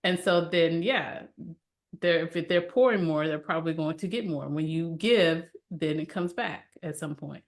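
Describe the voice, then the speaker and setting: A woman co-hosting a casual podcast discussion, teasing and quick, laughing often as she talks. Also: sits low. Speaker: co-host.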